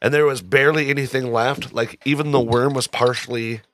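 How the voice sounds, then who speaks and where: A man's voice: mid-range voice, fairly even intonation, a little fast, fairly bright tone. A man with an ordinary mid-range voice tells a story in a loose, joking way. He laughs easily and keeps things casual. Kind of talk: casual chat.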